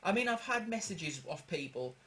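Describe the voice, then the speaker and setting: High-voiced Geordie man bantering. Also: sing-song, moderate pace, sharp tone. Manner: chatty, laughing, swearing. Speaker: gaming channel host. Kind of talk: casual banter podcast.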